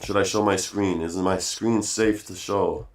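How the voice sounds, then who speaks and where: A man's voice: sits low, fairly even intonation, unhurried. Emphatic man ranting on a livestream. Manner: emphatic, repeats phrases, says bro and guys often; fillers and trailing off between points. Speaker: streamer. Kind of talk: casual livestream rant.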